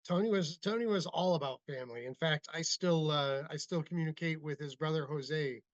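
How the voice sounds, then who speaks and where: A man's voice: fairly high pitch, brisk, dry recording. A man hosting an interview in easygoing casual chat. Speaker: interviewer, host. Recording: dry, slightly dull mic sound.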